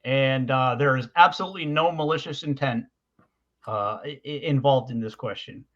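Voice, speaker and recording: Bright-voiced man rambling on a podcast. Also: mid-range voice, normal speed. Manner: rambling, hesitant, with many fillers and restarts. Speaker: podcast co-host. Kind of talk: casual chat. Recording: dull lo-fi recording.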